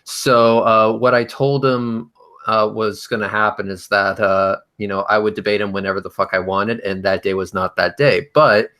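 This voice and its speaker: A man with a fairly low voice tells a story in easygoing livestream chat. He swears freely and delivers jokes with a dry edge. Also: fairly even intonation, normal speed, fairly bright tone. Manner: profane, storytelling, dry humor. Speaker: show host.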